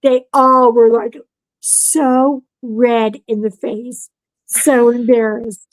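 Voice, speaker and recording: A woman hosting a chatty podcast, telling a story slowly in a fairly high voice and acting out everyone's lines. The sound is close and dry, with no room around her. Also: dry recording, rough recording. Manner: animated storyteller who acts out quotes. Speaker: podcast host. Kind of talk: casual chat, storytelling.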